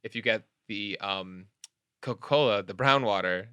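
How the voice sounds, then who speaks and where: A man's voice: on the low side, normal speed, a bit bright, smooth, dry recording. A young man hosting a podcast in a studio, explaining a party game, laughing often and swearing playfully. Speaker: podcast host. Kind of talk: casual chat.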